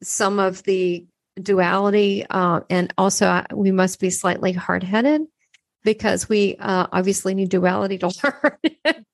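A woman in a casual spiritual conversation, telling a personal story with lively, swooping delivery. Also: measured pace, no echo. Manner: animated storytelling, swooping pitch.

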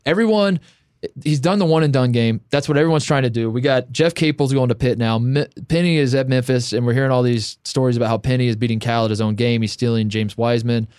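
A man co-hosting a casual sports podcast, telling stories in an animated way and laughing often. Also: mid-range voice, quick pace, clean tone, dry recording, clean studio sound. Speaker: podcast co-host.

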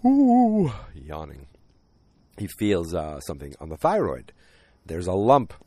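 A man casually recapping a TV episode with a deep voice and rambling, jokey asides. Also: big pitch swings, a little slow, no room sound.

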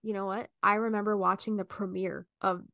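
A woman's voice: mid-range voice, little pitch movement, a little fast, gravelly, pushed and bright, no echo, studio quality. A woman co-hosting a casual podcast, telling nostalgic stories and laughing easily. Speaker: podcast co-host. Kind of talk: casual chat.

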